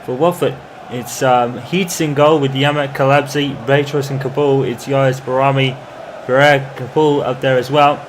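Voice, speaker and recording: A man commentating over his own football video game in the style of a match broadcaster, calm between plays and erupting into shouts when a goal goes in. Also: mid-range voice, normal speed, a little hiss or hum. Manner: excitable, bursts into shouting on goals. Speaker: gamer doing mock football commentary. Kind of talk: playful imitation of match commentary over gameplay.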